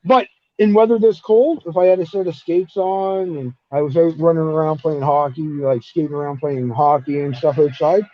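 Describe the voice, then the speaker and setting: A man's voice: a little high, steady tone, moderate pace, hardly any pauses. A man telling cold-weather stories in casual chat, heavy with swearing. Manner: profane, storytelling. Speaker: podcast guest telling stories. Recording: dull dry lo-fi audio.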